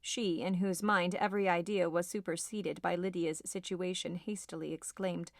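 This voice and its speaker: A woman narrating a classic novel as an audiobook, in a measured, expressive reading. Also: fairly low pitch, no echo, clean studio sound.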